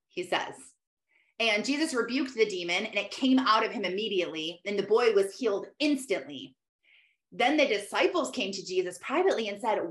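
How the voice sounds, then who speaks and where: A woman's voice: mid-range voice, animated, normal speed, fairly bright tone. A middle-aged woman giving earnest devotional teaching, exhorting listeners between loose asides. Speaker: Christian teacher. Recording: roomy echo.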